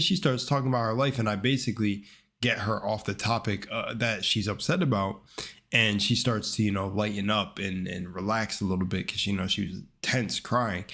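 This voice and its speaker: A young man telling a personal story to his viewers in a rambling, excitable way, with casual swearing and repeated words. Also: on the low side. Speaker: channel host.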